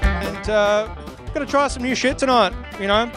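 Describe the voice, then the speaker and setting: A man's voice: high-pitched, normal speed, music in the background. A male comedian talking casually in an interview, laid-back and hesitant with many fillers.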